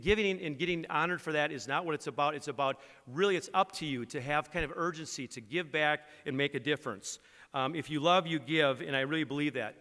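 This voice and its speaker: Middle-aged guy giving a folksy award speech, bright forceful voice, big hall echo. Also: a little high. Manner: earnest, folksy, uses an acronym and jokes. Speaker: credit union executive giving an award speech. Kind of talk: motivational acceptance speech. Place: large event hall. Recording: reverberant banquet hall.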